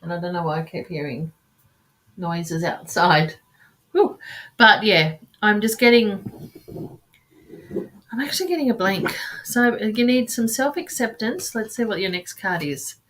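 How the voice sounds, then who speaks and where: A woman's voice: mid-range voice, fairly bright tone. Sighing, hesitant woman card reader. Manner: halting, searching, with frequent sighs and restarts; calls listeners sweetheart and darling. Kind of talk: live card reading.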